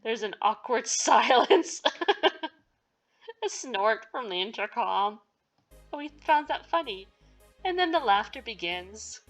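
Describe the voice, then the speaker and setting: A woman's voice: on the high side, expressive, slow pace, pauses often, faint music behind. Playful woman reading a game aloud. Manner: playful, jokey asides and giggles between narrated lines. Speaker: game streamer. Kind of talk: reading a visual novel aloud with commentary.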